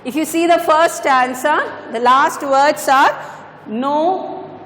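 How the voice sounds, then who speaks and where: A high-voiced woman explains a poem like a classroom teacher, going back over points and correcting small slips. The room is echoey, with a long reverb tail and a faint hiss underneath. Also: takes it slowly, fairly bright tone. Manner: patient, repeats points, corrects herself. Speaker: English teacher. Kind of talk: classroom lecture on poetry.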